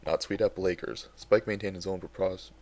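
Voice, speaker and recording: A man's voice: low-pitched, fairly even intonation, normal speed, darkish tone. A young man reading bad fan fiction aloud, with wry, exasperated asides between passages. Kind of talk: casual dramatic reading.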